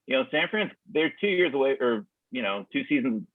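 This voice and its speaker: A man on a podcast, talking football in a measured, analytical way. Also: mid-range voice, animated, no room sound. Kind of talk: casual sports chat. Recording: tinny phone-like call line.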